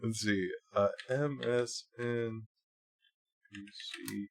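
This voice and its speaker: Speaking very slowly in a fairly low, steady voice with vocal fry, a livestream host angrily rants about politics in a casual way, cursing and saying "like" constantly. A faint hiss or hum sits under the recording.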